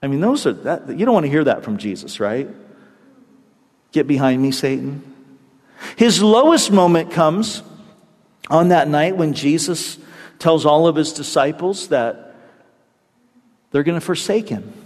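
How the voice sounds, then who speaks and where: A pastor preaches a sermon, telling an energetic story and acting out the quotes in shifting voices. His voice is fairly high, his pace moderate, and the sound suggests a big room.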